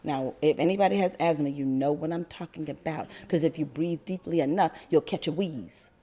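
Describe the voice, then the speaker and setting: An older woman from New York telling a personal story to an audience, animated and often laughing. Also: sits low, brisk.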